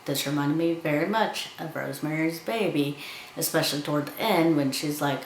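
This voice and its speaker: A woman with a low, deep voice talks through a film's plot in a loose, chatty way, slipping into the characters' lines as she goes. Her voice rings in an echoey room, with a faint hum of background noise. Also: moderate pace. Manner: chatty, retells scenes by acting out quotes. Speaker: film reviewer. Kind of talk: casual film review and plot retelling.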